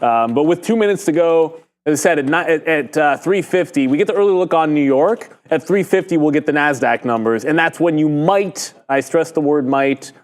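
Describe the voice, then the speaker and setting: A man's voice: mid-range voice, a little mellow. A man co-hosting a live trading stream, trading blunt, offhand remarks about charts. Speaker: co-host trader.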